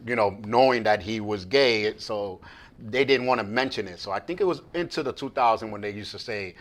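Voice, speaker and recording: A man hosting a casual interview, laid-back and rambling, with many fillers and soft asides. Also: lowish voice, brisk. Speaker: interview host.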